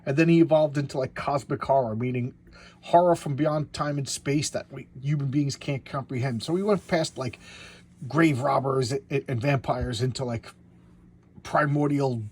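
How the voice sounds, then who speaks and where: A man's voice: medium pitch, normal speed, husky. A man giving casual show-and-tell commentary on a comic book. He rambles, stumbles over his words and restarts, and chuckles to himself along the way.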